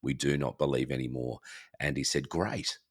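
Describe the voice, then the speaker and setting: An Australian man with an extremely low, husky voice talks a little fast as a podcast guest in casual conversation. He animatedly acts out other people's reactions, and the recording is dry with clean studio sound.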